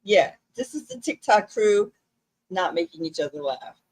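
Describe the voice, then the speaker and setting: Woman podcast co-host, husky, wide swooping pitch, incredulous and quick to laugh. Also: wildly swooping pitch, darkish tone, rough recording. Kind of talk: casual chat.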